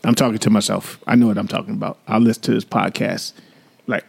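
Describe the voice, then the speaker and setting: Gravelly-voiced man co-hosting a podcast. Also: fairly low pitch, level tone, fast, darkish tone. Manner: playful, laughs often, teasing. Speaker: podcast co-host. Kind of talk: casual chat.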